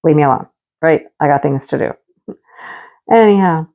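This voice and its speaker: A middle-aged woman in a casual home-office chat, telling stories in a chatty, animated way. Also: low voice, normal speed, phone-quality sound. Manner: chatty, storytelling, animated exclamations. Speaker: craft vlogger.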